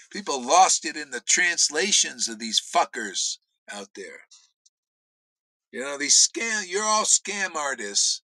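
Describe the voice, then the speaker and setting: A man with a high, piercing voice delivers a slow, unhurried rant about devotion, blunt and full of profanity. He swings from loud outbursts to low muttered asides, and the sound is close and dry. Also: big pitch swings, dry recording, low-quality recording. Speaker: spiritual teacher. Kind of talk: informal preaching rant.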